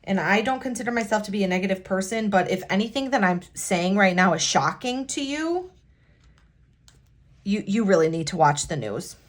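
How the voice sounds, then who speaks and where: A woman vlogger talking in a halting, emotional way while working on her planner at a home desk. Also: mid-range voice, animated. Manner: halting, emotional, many restarts. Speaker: planner vlogger and immigration attorney. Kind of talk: casual talk while decorating a planner.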